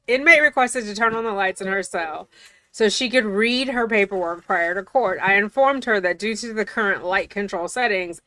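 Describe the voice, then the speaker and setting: A woman's voice: mid-range voice, sharp tone, no room sound, studio quality. A woman reading official documents aloud and breaking off for casual, incredulous commentary. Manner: chatty, incredulous, often laughing.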